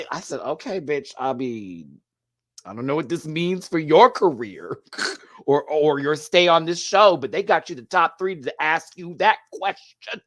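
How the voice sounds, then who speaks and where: Sassy, animated male video reviewer. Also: a little high, moderate pace, no room sound, studio quality. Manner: sassy, animated, laughs often. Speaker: drag show reviewer. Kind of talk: live video review chat.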